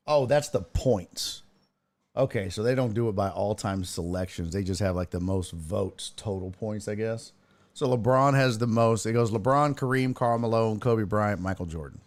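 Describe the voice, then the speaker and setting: Lively, profane man hosting sports talk. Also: lowish voice, a little slow. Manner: animated, profane, reads chat aloud and jokes. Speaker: sports talk show host. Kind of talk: casual live-stream sports talk.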